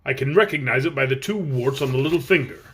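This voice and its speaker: A man's voice: medium pitch, fast, fairly bright tone, slightly rough. A man voicing an earnest tin man in a storybook.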